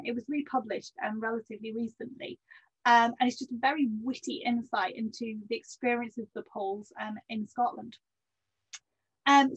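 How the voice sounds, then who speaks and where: A woman's voice: a little high, breathy edge, highs cut off. A woman researcher giving a history lecture, hesitant with many ums and self-corrections, and dropping wry asides.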